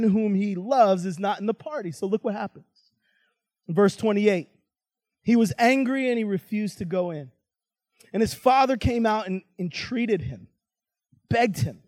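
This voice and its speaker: A man's voice: high voice, no room sound. A man giving a sermon as a guest preacher, telling a story in a conversational way with casual asides.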